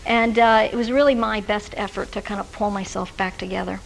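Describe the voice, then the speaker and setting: A woman with a gravelly, medium-pitched voice talks fairly quickly and in a steady tone as she presents a workshop to social workers before a live audience in a lecture room. She's conversational, with fillers, restarts and personal anecdotes, and the recording is rough.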